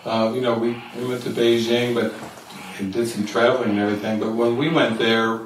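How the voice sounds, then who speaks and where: A man's voice: fairly low pitch, slight background noise. Older male retreat teacher, storytelling, distant mic, heavy hall echo. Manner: storytelling, animated quoting. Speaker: spiritual teacher. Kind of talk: retreat talk. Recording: echoey room, mic far off.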